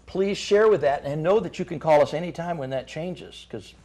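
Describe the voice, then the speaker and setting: A man's voice: on the high side, moderate pace, dark tone. A middle-aged man, a chamber of commerce guest on a talk show, gives folksy business advice with frequent restarts and repeated words.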